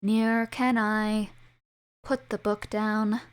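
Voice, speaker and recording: A calm, inevitable Death figure, voiced by a woman game master. The speech is slow and measured, a little low. It belongs to a fantasy tabletop game. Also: clean tone. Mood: stern.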